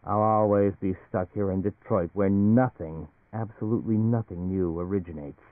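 A man's voice: lowish voice, fairly even intonation, moderate pace, no echo, lightly acted. A man reading the lines of an anxious, ambitious office worker in a story, fretful and hesitant. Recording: tinny radio broadcast.

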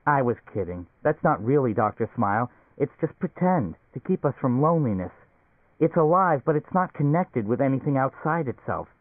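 A man's voice: mid-range voice, moderate pace, dry recording, voice pushed up. Precocious, unflappable girl, man reader, storybook, phone-thin audio. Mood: calm. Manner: calm, matter-of-fact. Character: calm, precocious young girl. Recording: tinny phone-like recording.

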